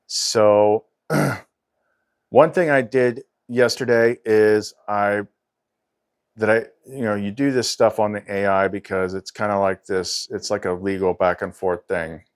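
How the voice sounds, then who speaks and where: A man's voice: lowish voice, steady tone, slow pace, clean tone. A man talking in a rambling, agitated casual monologue, full of fillers and frustrated asides. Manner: agitated, rambling, frequent "like" and "freaking". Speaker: spiritual channel host.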